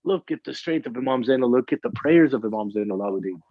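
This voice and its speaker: A man's voice: medium pitch, lively intonation, fast, no room sound. Impassioned man preaching, dull lo-fi sound. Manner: emotional, repetitive and rising in intensity. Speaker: majlis speaker. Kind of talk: religious lecture and supplication.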